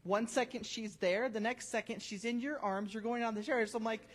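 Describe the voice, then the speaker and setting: Giving a personal testimony at church, a woman in her forties tells her story in a chatty, animated way. Her voice is a little high and her speed is normal.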